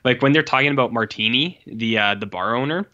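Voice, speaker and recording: A man co-hosting a podcast in casual chat, animated and swearing freely, re-enacting lines with exaggerated reactions. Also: medium pitch, brisk, highs cut off. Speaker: podcast co-host.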